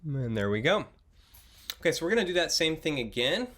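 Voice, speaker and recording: A young man teaching a beginner oboe lesson, patient and encouraging, often pausing with fillers and restarting his sentences. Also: a little high, very animated, a bit bright. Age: young adult. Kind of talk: instructional video lesson.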